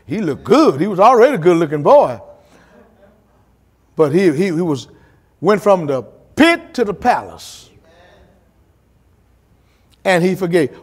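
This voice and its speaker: A pastor leads a church Bible study, his voice sitting high for a man and swooping all over. He preaches with dramatic pauses and acts out the quotes, dropping casual asides in a church setting.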